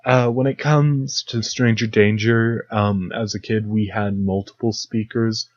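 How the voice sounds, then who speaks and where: A young man talks through a solo podcast at a slow, unhurried pace, his voice sitting a little low. He rambles with dry sarcasm and drops into mocking impressions. The recording is dull, lo-fi and dry. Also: fairly even intonation, no echo. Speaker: podcast host. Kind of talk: solo comedic podcast monologue.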